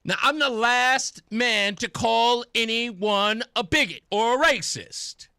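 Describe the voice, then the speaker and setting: A man's voice: very high voice, slow pace, sharp tone, smooth, dry recording. A young man hosting a talk radio show, delivering an emphatic, sarcastic opinion monologue into a studio microphone. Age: young adult.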